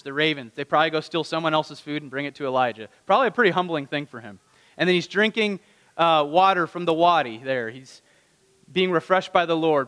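Pastor, man, high-pitched, lively storyteller voicing the characters, church hall reverb. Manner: animated storytelling, acting out the characters' lines. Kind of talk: sermon. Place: church room.

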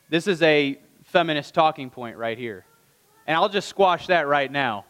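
A man's voice: on the high side, expressive, moderate pace, fairly bright tone, long reverb tail. A man preaching a conversational sermon, asking the listeners rhetorical questions and acting out the lines of the people in the story. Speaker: pastor.

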